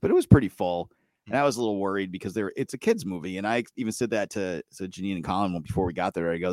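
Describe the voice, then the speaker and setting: A middle-aged man with a fairly low voice talks casually as a podcast co-host. He gets heated, swears a lot and laughs between his points. The sound is dry and close. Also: no echo. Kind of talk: casual chat.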